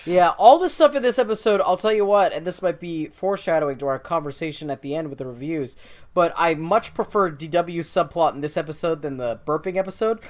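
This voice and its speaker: Wry, relaxed man on a chatty podcast. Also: a little high, a little fast. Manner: relaxed, wry, explains at length. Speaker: podcast co-host. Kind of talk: casual chat.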